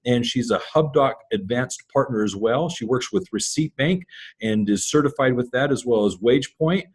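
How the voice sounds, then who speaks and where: Husky man hosting a casual interview. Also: mid-range voice, normal speed. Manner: relaxed, joking. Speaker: podcast host.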